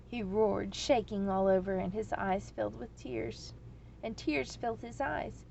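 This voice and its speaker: A woman reading a storybook aloud in a slow, measured way. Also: medium pitch, creaky, warm tone, lo-fi sound.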